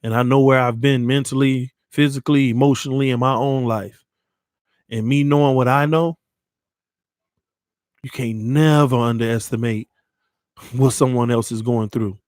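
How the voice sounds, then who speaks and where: Sports-channel host, male, mid-pitched, heartfelt pep talk to his fans, shaken after crying, dry close sound. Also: fairly even intonation, moderate pace, pauses often, darkish tone, dry recording. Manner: earnest, repeats phrases, addresses viewers as man and y'all. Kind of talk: emotional motivational talk to viewers.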